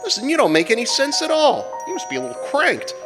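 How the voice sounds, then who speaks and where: A man's voice: extremely high pitch, huge pitch swings, fast talker, music in the background, exaggerated voice. An actor playing a cocky young prize fighter who talks in tough-guy slang, in 1940s radio acting. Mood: indignant.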